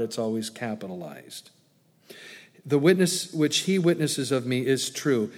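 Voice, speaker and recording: A man's voice: mid-range voice, a little mellow, in a large hall. A man preaching an expository sermon in an earnest, emphatic way, often repeating words and adding asides.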